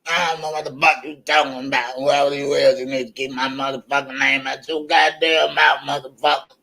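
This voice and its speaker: A man's voice: medium pitch, little pitch movement, fairly quick, vocal fry, bright, forceful tone. A man imitating a threatening street tough who curses and growls out his threats. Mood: menacing. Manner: growling threats, heavy profanity.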